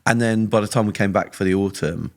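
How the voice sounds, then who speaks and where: Quick gravelly low-voiced man. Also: a little mellow. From Britain. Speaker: guest, TV producer. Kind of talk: casual podcast chat.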